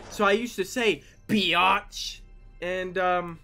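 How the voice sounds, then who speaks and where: Loud, swearing young gamer man. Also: high-pitched, slow, soft background music. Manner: animated, swears a lot, yells at the game. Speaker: gaming YouTuber. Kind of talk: casual let's-play commentary.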